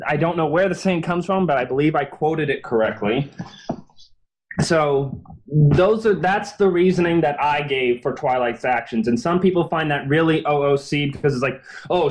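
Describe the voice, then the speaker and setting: A man's voice: a little high, normal speed. A man, a guest author in a casual podcast interview, explaining his reasoning in an earnest, think-aloud way.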